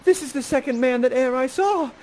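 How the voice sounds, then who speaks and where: A man voicing Miranda, a starstruck young maiden, in a high fluttery voice during a comic Shakespeare performance. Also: a little fast, a little mellow. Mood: awed.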